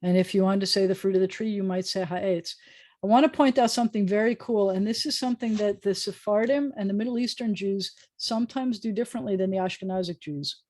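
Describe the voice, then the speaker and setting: A woman's voice: medium pitch, fairly quick, darkish tone. A woman rabbi teaching a prayer book Hebrew lesson over a video call, explaining patiently with frequent ums. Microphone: video call microphone.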